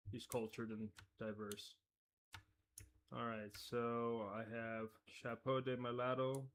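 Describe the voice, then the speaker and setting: A man's voice: medium pitch, fairly even intonation, slow pace, slight background noise. A man hosting a casual live stream, talking loosely as he goes, often breaking off mid-sentence and chuckling at his own asides. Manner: rambling, self-interrupting, easily amused.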